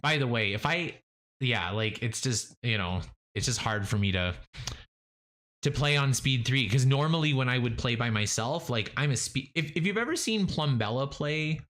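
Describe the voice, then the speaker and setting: Brief: male live streamer, casual gameplay chat, rambling with fillers, mid-pitched, animated bursts. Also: normal speed. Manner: rambling, many fillers and restarts; animated, jumps up in pitch when excited.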